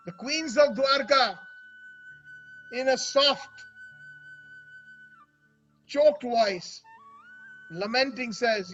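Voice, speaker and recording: A man's voice: very high-pitched, huge pitch swings, very slow, long pauses, pushed and bright, lo-fi sound, soft background music. A man telling a devotional story as a sermon, with an emotional delivery that turns tearful at times. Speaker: religious storyteller.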